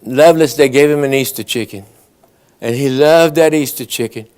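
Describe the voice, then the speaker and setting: A man's voice: mid-range voice, normal speed, darkish tone, smooth. A man with a Cajun Louisiana accent telling comic stories in a folksy drawl at a banquet. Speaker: storyteller at an awards banquet. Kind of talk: comic storytelling.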